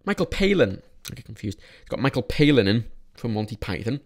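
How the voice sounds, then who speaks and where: A young man vlogs casual film reviews in a medium-pitched, sing-song voice at a brisk pace. He rambles, restarts often and swears frequently.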